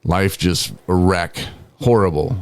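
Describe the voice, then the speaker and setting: A man's voice: low voice, takes it slowly, no room sound. A man in his forties hosting a podcast, telling a personal story in a casual, conversational way with frequent laughs and filler words. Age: 40s. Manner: casual, conversational, peppered with "man" and "you know"; laughs while telling stories. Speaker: podcast host.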